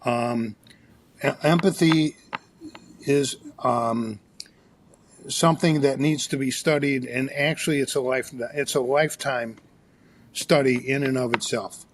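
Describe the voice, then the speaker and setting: A psychologist and author, a man, telling an animated anecdote as a podcast guest, with frequent restarts. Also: mid-range voice, unhurried, long pauses, a little hiss or hum. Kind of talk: storytelling in a podcast interview.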